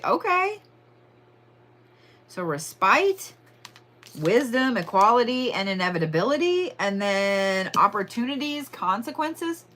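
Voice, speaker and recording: Chatty, bright-voiced woman reading cards. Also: mid-range voice. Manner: chatty, profane, drawn-out emphasis. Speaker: tarot and astrology reader. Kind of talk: casual weekly horoscope reading.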